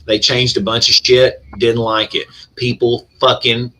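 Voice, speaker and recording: Male podcast cohost, bright voice, profane, emphatic rants. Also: medium pitch, level tone, unhurried, rough recording. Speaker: podcast co-host. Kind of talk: casual podcast chat.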